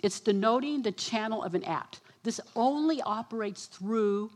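Woman preaching with animated storytelling. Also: fairly high pitch, moderate pace. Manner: animated storytelling, quotes herself and others. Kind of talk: sermon with personal story.

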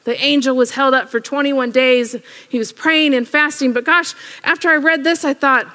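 A woman preaching a sermon, retelling a story with lively acted-out prayers and quotes. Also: sits high, normal speed. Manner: animated storytelling, acts out prayers. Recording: echoey hall.

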